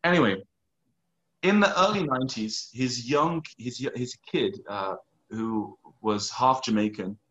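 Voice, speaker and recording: A man in conversation telling a long story with lively acted-out quotes. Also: mid-range voice, measured pace, slightly rough, muffled recording. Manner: animated, acts out quoted dialogue. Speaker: guest, skier.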